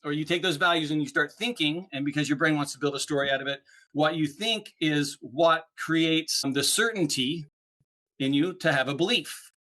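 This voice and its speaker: Male podcast guest, animated explainer, bright and slightly high voice. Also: moderate pace. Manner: animated, explanatory, peppers talk with "right?". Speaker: podcast guest, speaker on neuroplasticity. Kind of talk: casual interview chat.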